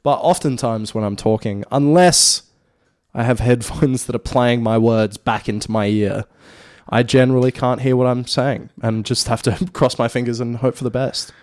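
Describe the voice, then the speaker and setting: A man's voice: medium pitch, steady tone, moderate pace, a little mellow. Dry, teasing male radio co-host. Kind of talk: casual banter on air. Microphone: studio mic with headphones.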